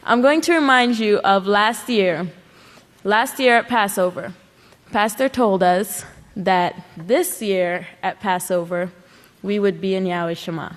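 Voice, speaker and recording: A woman's voice: mid-range voice, a little slow. A woman giving an earnest sermon at a religious service, pressing her points with rhetorical questions. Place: large worship hall. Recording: long hall reverb.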